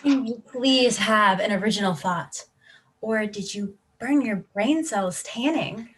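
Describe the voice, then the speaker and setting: A woman's voice: on the high side, measured pace, slight background noise, close to an everyday voice. Woman playing a sarcastic online commenter. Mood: cutting. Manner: cutting, sarcastic, blunt. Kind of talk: student theatre acting.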